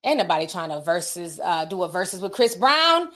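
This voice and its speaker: A woman's voice: on the low side, sing-song, brisk, fairly bright tone. A woman hosting a casual livestream, chatting candidly, laughing often and tossing in slangy asides as she reads viewer messages. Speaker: livestream host reading super chats.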